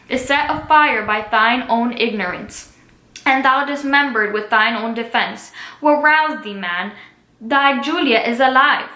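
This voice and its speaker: A stern older friar lectures and counsels in an earnest, read-aloud manner, as a woman reads his part. Her voice is bright and forceful and lifts a little high. The recording sounds echoey, as if made in a bare room.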